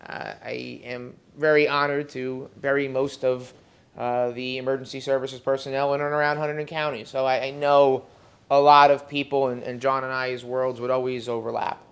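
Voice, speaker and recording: A funeral director delivers a eulogy in a funeral home and speaks to the gathered mourners in a relaxed, conversational way. The speaker recounts personal memories and breaks into playful acted-out dialogue. There are many pauses, and the speaker often turns to address people in the room directly. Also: mid-range voice, clear, resonant tone. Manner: conversational storytelling, acts out dialogue with humor; talks straight to the mourners, pausing often. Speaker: emergency medical technician.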